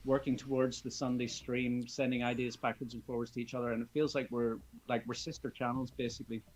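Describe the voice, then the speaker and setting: Relaxed man hosting a livestream. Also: medium pitch, quick pace, a little hiss or hum, rough recording. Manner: relaxed, friendly, thankful, with hesitations. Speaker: channel host. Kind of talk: casual livestream chat.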